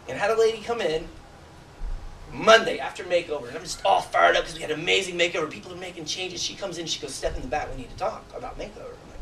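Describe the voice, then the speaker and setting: A man in his forties, a chiropractor giving an emotional, animated motivational talk to a seminar audience, asking them direct questions. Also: high-pitched, a little hiss or hum. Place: seminar room. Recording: roomy sound from a distant mic.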